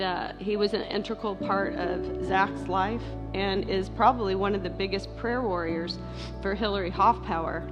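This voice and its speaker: Middle-aged woman, heartfelt halting testimony, mid pitch, soft music underneath. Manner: heartfelt, halting, many fillers and restarts. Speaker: speaker sharing testimony at a church. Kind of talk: emotional personal testimony.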